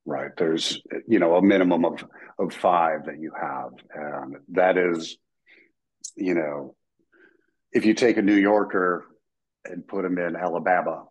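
A man's voice: low-pitched, a little slow, husky, rough recording. A man, a military veteran, telling a story casually as a guest and acting out the voices of the people in it. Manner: animated, acts out quoted voices, laughs while telling.

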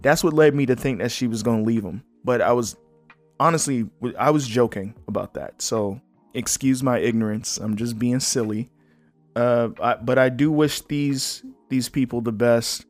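A man's voice: medium pitch, moderate pace, no room sound, faint music behind. A man hosting a solo podcast in casual chat. He rambles and jokes in a loose, candid way, full of fillers and the odd swear. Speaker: podcast host.

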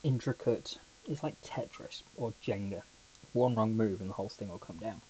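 A man's voice: fairly low pitch, normal speed, dark tone, slight background noise, low-quality recording. A man hosting a podcast on his own, telling a rambling, chatty story full of asides. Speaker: podcast host. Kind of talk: casual solo podcast chat.

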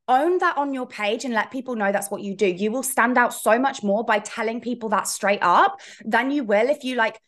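Her voice is on the high side and moves at a normal speed with hardly any pauses. She's a fitness coach and podcast host talking candidly and chattily on her solo coaching show, wandering into tangents and cursing for fun in casual conversation.

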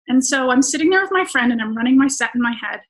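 Bright, high-voiced woman comedian. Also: quick pace, poor audio. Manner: animated, laughing storyteller. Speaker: stand-up comedian guest. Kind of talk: casual storytelling interview.

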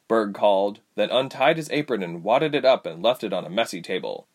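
Man reading a story, lively pitch. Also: fairly quick, hardly any pauses. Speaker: narrator.

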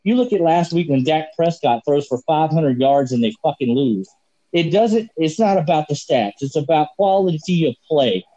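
Man, somewhat high voice, mellow tone, heated profane rant, sports debate, dull lo-fi podcast audio. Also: lively intonation, moderate pace. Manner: passionate, profane ranting. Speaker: podcast co-host.

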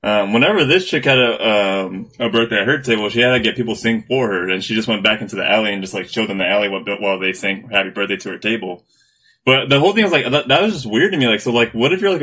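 A man's voice: on the low side, pushed and bright. A man in casual chat, talking hesitantly with many fillers.

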